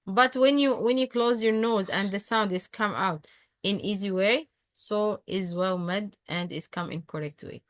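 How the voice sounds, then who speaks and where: A woman whose first language is Arabic teaching a recitation lesson, patient, slowly repeating example words with frequent hesitations. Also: medium pitch, dry recording. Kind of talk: online tajweed lesson.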